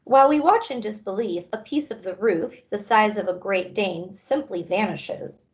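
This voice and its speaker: A woman reading a children's novel aloud, raising her pitch and energy for the characters' lines. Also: moderate pace. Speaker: reader. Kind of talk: audiobook-style read-aloud.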